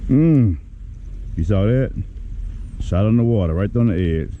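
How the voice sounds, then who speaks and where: A man giving excitable running commentary to his viewers while fishing at a pond outdoors, even talking to the fish he catches. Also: lowish voice, a little slow, narrow, tinny audio, slight background noise. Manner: chatty, excitable, talks to the fish. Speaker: fishing vlogger.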